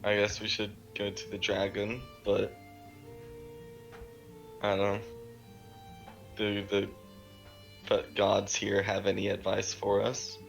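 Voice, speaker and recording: A man playing a tabletop game, talking slowly and hesitantly in casual chat. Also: lowish voice, completely flat delivery, creaky, faint music behind. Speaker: player. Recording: dull lo-fi voice chat.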